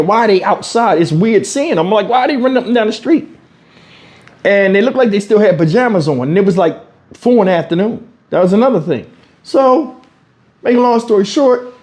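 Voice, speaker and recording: A man from Houston telling a story in a casual vlog, acting out what people said and swearing freely, recorded at home on a lapel mic. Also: high-pitched. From Houston, Texas. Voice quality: animated storyteller, acts out quotes, swears freely. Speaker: YouTube commentator. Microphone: wireless lavalier mic.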